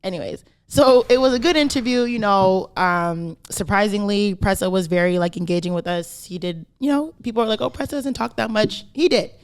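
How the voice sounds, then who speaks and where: A woman's voice: medium pitch, lively intonation, brisk, hardly any pauses, smooth. Emphatic woman podcast host. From Canada. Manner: emphatic, tags points with "right?" and "okay?". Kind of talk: casual podcast chat.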